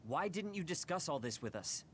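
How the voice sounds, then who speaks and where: A blunt, hot-headed young man in a video game, confrontational and loud in his demands. His pitch swings widely and sits a little high, with a faint rumble behind. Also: sing-song, normal speed. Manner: brash, confrontational.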